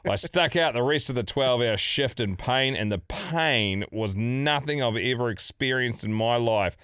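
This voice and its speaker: A man's voice: medium pitch, normal speed, fairly bright tone, smooth, dry recording, clean studio sound. Sweary New Zealand man telling a story. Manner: sweary, laid-back storytelling. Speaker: podcast co-host. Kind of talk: casual podcast chat, reading a listener story.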